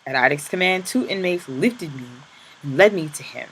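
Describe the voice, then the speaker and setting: A man reading a first-person memoir aloud in a slow, somber, hushed way. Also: a little high, lively intonation, husky, low-quality recording. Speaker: audiobook reader.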